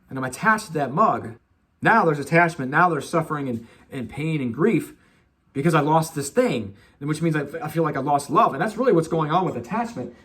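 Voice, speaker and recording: Man, middle-aged, high pitch, casual spiritual talk, swears, mocking asides. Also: a bit bright. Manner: swears freely, mocks with put-on voices. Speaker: self-help speaker.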